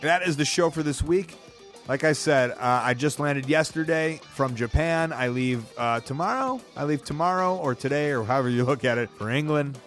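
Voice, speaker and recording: A man's voice: on the high side, animated, moderate pace, fairly bright tone, faint music behind. A man hosting a podcast, upbeat and a little worn out from travel, rattling off dates and plugs in casual talk. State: tired from travel. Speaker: podcast host. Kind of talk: podcast outro and casual chat.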